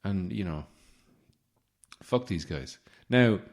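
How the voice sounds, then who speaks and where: Man, very low voice, podcast host, comedic monologue, sardonic, swears, rambling. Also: animated, slow pace.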